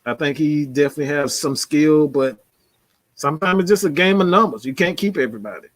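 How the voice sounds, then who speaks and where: A sports commentator gives casual, slangy football commentary, talking loosely and laughing often. His voice is slightly high and a bit fast, with no room sound.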